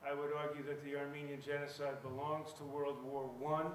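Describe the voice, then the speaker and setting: A man's voice: fairly high pitch, completely flat delivery, fairly quick, slight background noise. A man giving a public lecture as an author, speaking earnestly and emphatically and often repeating words as he restarts his sentences. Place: lecture hall. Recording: echoey hall picked up from a distance.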